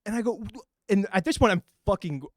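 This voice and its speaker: A man's voice: high voice, expressive, quick pace, no room sound, clean studio sound. A man casually telling a long story, acting out the dialogue and swearing freely. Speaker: podcast host telling a story. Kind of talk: casual chat.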